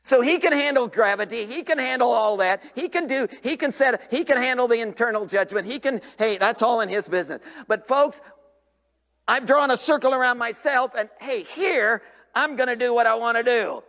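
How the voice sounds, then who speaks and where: An older man preaching a revival sermon in a church, animated, swinging from shouts down to near whispers. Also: extremely high pitch, normal speed, long reverb tail. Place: church sanctuary.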